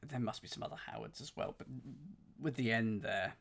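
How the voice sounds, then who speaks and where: A man's voice: on the low side, brisk, gravelly, a bit bright. A man streaming himself solving a cryptic crossword, thinking aloud, repeating clues under his breath and counting out letters. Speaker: puzzle streamer.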